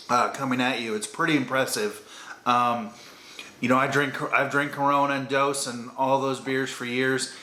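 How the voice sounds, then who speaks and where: A man's voice: medium pitch, pushed and bright. A man giving a chatty, rambling, upbeat beer-tasting review. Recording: roomy echo.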